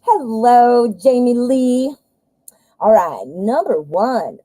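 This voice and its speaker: A woman hosting a live tarot reading, chatty and excitable, who blurts out exclamations. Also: a little high, takes it slowly, dry recording, low-quality recording.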